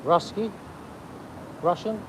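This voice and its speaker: A man's voice: high-pitched, slow. A man chatting with strangers on a live stream while walking a city street. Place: city street outdoors with traffic. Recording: street noise and traffic.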